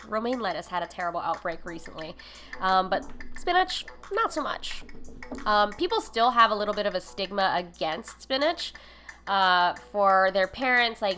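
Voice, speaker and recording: Lady hosting a cooking stream, bright forward voice, lots of ums and little laughs. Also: medium pitch. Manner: chatty, many fillers, giggly asides. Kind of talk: casual educational livestream talk.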